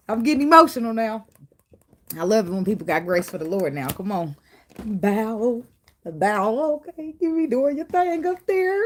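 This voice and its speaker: A woman giving a casual spiritual tarot reading, swearing freely and jumping into high acted quotes. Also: big pitch swings, normal speed. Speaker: tarot reader.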